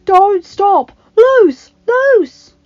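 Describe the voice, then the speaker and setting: A woman reading aloud gives voice to a stubborn old lord shouting commands to his men. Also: very high-pitched, lively intonation, very slow, dry recording, lo-fi sound, voice pushed up, full character voice. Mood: commanding shouts. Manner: barking orders.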